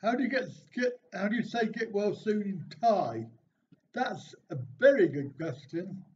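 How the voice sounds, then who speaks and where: Man, live-stream host, reads chat jokes aloud, dry self-mocking replies, slightly high voice, muffled sound. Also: animated, a little slow. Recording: dull, slightly lo-fi stream audio with faint noise.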